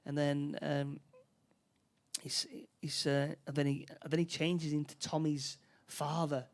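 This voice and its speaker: A man with a Northern English accent, co-hosting a podcast and retelling a film plot in a halting, restarting way. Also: a little high, little pitch movement. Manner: halting, many restarts, acts out character lines. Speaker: podcast co-host. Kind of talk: casual film recap chat.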